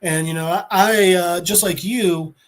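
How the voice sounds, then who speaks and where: A man's voice: sits high, fairly even intonation, a little slow. A man voicing a smug, scheming man who tries to bargain his way out of trouble. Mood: boastful. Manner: wheedling, boastful, teasing.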